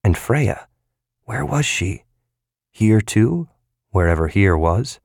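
Low-voiced man narrating an audiobook. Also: sing-song, slow pace, creaky, darkish tone, breathy edge, no room sound, clean studio sound. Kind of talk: scripted narration.

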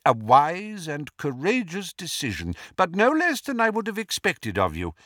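A man voicing a kindly, wise old male headmaster who speaks with gentle approval in an audiobook. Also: fairly high pitch, huge pitch swings, moderate pace, no echo, clean studio sound, pitched above the performer's own voice. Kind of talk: audiobook character voice.

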